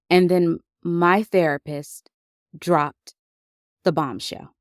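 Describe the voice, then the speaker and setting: Woman podcast host, lowish voice, unhurried confessional storytelling, dry close sound. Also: dry recording. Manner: reflective and unhurried, with emotional emphasis.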